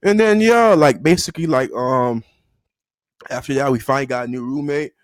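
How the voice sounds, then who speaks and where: A young man telling a story to camera in a loose, slangy way, full of fillers and restarts, and breaking into high-pitched yelps when he acts out quotes. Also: moderate pace, dry recording. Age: young adult. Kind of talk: casual storytime.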